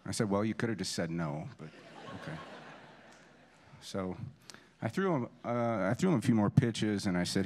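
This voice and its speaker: In a church memorial service, a man in his forties delivers a storytelling eulogy with self-deprecating, funny anecdotes about a friend's son. His lowish, darkish voice moves at normal speed with long pauses and many restarts, over a little hiss or hum.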